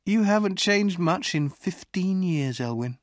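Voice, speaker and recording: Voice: medium pitch, lively intonation, unhurried, no echo, clean studio sound, voice pushed up, close to an everyday voice. A reader voicing a playful, knowing woman of about thirty in an audiobook. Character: teasing woman of about thirty, old flame. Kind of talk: audiobook character reading.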